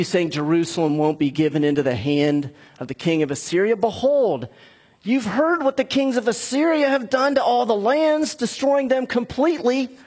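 A man's voice: high voice, slightly rough, voice pushed up. A man reading out a boastful Assyrian king's envoy who threatens a besieged city with taunts.

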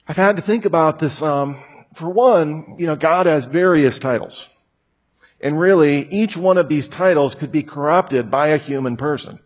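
A man's voice: a little high, slightly rough. A man in his thirties preaching a conversational sermon, telling stories with humor. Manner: casual, storytelling with humor.

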